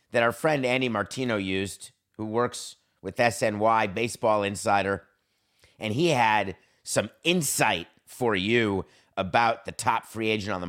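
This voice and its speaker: A middle-aged man hosting a solo sports podcast, talking in a jokey, theatrical way and swinging his pitch up for emphasis. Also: fairly bright tone. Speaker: podcast host.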